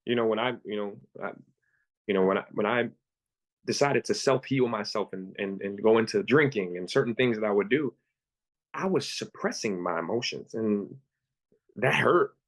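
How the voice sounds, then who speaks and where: A man in his thirties from Pennsylvania, telling his own story as a guest with earnest, halting, repeated phrases. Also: fairly low pitch. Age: 30s. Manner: earnest, repeats words, acts out his own thoughts in quotes. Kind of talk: candid personal storytelling.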